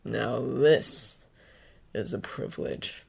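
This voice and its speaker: A woman voicing a sinister adult male killer who speaks in a slow, oily drawl. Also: a bass voice, very animated, vocal fry, darkish tone, slightly rough, voice pushed down, heavily acted. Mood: menacing.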